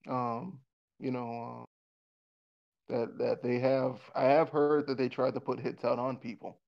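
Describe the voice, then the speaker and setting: A man's voice: medium pitch, level tone, measured pace, gravelly, highs cut off. A man in casual conversation who rambles, restarts often, repeats words and swears bluntly.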